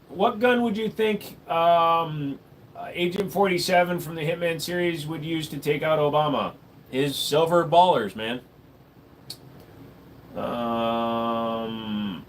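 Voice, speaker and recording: Over slight background noise, a man with a fairly high-pitched voice chats with his stream viewers from a home room featuring a gun wall. He responds to chat in a crude, rambling, joke-filled manner.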